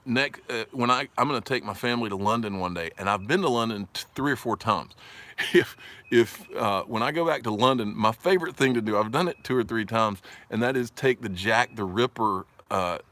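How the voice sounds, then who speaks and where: Brisk and fairly bright, this mid-range male voice belongs to a livestream host with a Southern US accent. He keeps things casual, rambling, cracking jokes, laughing a lot and reading comments from viewers aloud.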